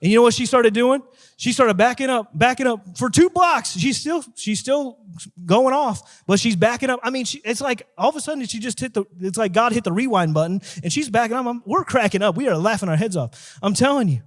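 High-voiced emphatic evangelist man. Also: expressive, fairly quick. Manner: emphatic, repetitive, preaching. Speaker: evangelist guest. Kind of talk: testimony told in an interview.

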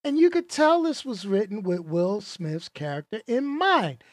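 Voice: medium pitch, very animated, unhurried, no room sound, clean studio sound. A movie reviewer talking casually and emphatically, tossing out rhetorical questions and repeating points for effect.

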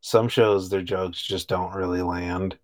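Laid-back, chuckling man with a low voice. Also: flat delivery, unhurried. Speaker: podcast co-host. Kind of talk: casual chat.

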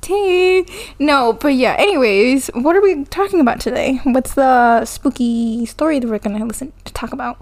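A woman's voice: sits high, moderate pace, a little mellow. A young woman co-hosting a podcast in casual chat, giggling often and filling her talk with "like.". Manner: giggly, lots of filler likes. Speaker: podcast co-host.

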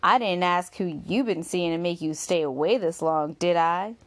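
A woman voicing a jealous young woman in a spoken audiobook, accusing and sharp in her manner. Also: on the low side, normal speed, natural voice. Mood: angry.

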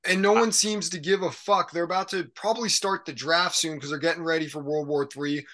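A man's voice: fairly high pitch, steady tone, a little fast, pushed and bright. A man ranting in casual podcast chat, exasperated and profane. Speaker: podcast guest.

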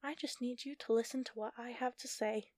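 A woman's voice: fairly high pitch, fairly even intonation, a little fast, darkish tone, no echo, close to an everyday voice. A woman narrator voicing a scornful, mocking sorceress with a dry, taunting delivery.

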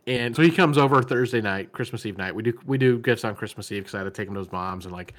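A man co-hosting a casual podcast, telling animated stories, acting out what people said and swearing freely. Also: on the low side, fast talker. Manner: animated storyteller, acts out quotes, swears. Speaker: podcast co-host.

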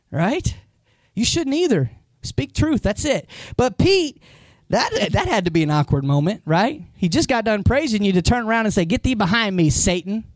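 A man's voice: high voice, no room sound, studio quality. A man preaching a sermon as a pastor, talking conversationally and putting questions straight to the congregation. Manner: animated storytelling.

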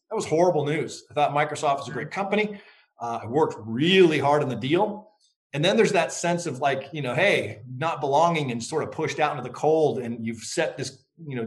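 A middle-aged man being interviewed as an author. He speaks in a reflective, measured way and tells stories. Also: medium pitch. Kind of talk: interview conversation.

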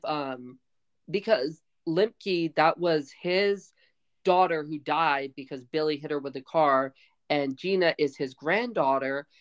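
A woman co-hosting a casual movie review podcast, adding chatty, opinionated asides. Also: low voice. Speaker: podcast co-host.

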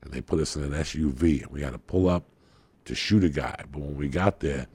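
A man's voice: rumbling low, fairly quick, a little mellow, husky, dry recording. A middle-aged man, a guest comedian, telling a rowdy, profane story on a podcast and acting out the people in it.

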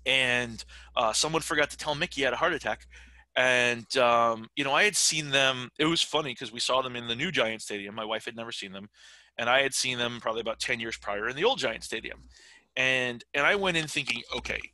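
A middle-aged man chatting as a podcast guest. His voice is very bright and forceful, and it is recorded dry and close. He rambles, with plenty of fillers and restarts. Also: mid-range voice, brisk, no echo, low-quality recording. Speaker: podcast guest, writer and game developer. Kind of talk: casual interview chat.

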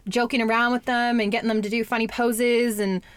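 A woman's voice: a little high, level tone, fairly quick, smooth, no room sound. A young adult woman talking candidly in a casual chat, lots of "like" and the odd swear word. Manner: candid, chatty, fillers and swearing.

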